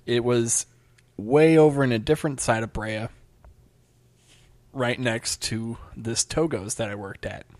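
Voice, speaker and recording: A man's voice: mid-range voice, unhurried, long pauses, darkish tone, no room sound. A man, a stand-up comedian, chatting casually and rambling with lots of fillers and restarts. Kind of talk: casual podcast chat.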